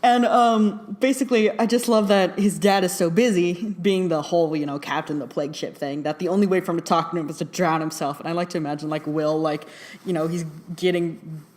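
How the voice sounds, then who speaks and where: A woman with a fairly low voice talks through a film review in a chatty, excitable way. She laughs often and scatters fillers through her talk. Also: fairly quick. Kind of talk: casual spoken film review.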